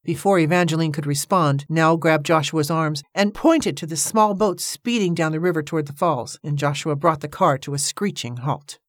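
A woman narrating an audiobook in a steady, measured storytelling manner, recorded on a close microphone. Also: deep voice, dry recording.

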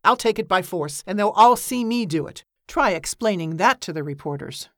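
A woman voicing a desperate, defiant young man who shouts and pleads. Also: medium pitch, expressive, normal speed, dry recording, studio quality, lightly acted.

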